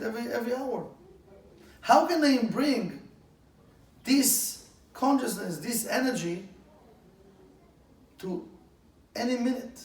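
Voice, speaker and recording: A man teaching a Kabbalah class in eager, broken English, asking his listeners one question after another. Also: extremely high pitch. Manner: eager, asks many questions; broken, non-standard English grammar. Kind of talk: class lecture. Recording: echoey room, mic far off.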